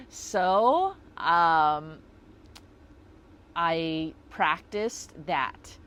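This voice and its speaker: A woman's voice: lowish voice, expressive, takes it slowly. A woman talking through a personal story in a casual vlog, reflective and rambling with lots of fillers. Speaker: vlogger.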